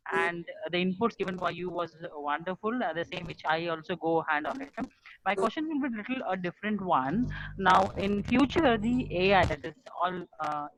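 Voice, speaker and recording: A man's voice: high voice, fairly bright tone. A man asks a question over a video call. He hesitates a lot and restarts his sentences. The audio sounds dull and muffled. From India. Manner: hesitant, many fillers and restarts. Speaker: training manager asking a question. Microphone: computer mic on a video call.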